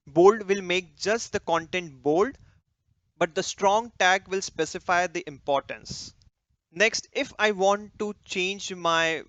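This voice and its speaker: Guy walking thru code slowly, dry close mic, drops quiet while typing. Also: on the high side, smooth, dry recording, lo-fi sound. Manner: talks while typing, trails off softly during edits; frequent restarts and small slips. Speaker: coding instructor. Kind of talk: screen-recorded coding tutorial.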